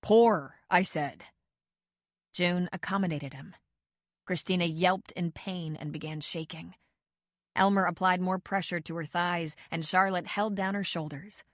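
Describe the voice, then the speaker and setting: A woman narrates a novel in a steady, measured way. Her voice sits a little low for a woman. The studio recording is dry and close, with no room sound. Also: no echo. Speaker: audiobook narrator. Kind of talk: scripted narration.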